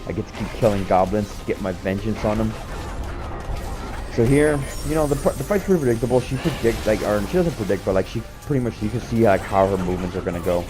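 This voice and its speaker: A man's voice: on the low side, quick pace, over music. Laid-back young man cursing through gameplay commentary. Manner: rambling, profane, laid-back, heavy on filler words. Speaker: gamer narrating his gameplay clips.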